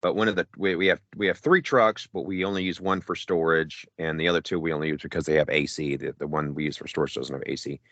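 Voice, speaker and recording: A middle-aged man with a very deep voice tells a rambling, profane story on a casual podcast. He acts out what everyone said along the way. The close mic sounds dry, with no room around it. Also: steady tone, fast talker, few pauses, a bit bright, no room sound. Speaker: podcast co-host.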